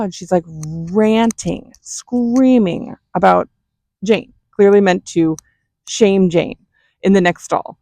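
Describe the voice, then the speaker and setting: A woman vlogger and mother telling a story in a chatty, animated way. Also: medium pitch, slow, gravelly, pauses often, no echo. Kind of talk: casual storytelling.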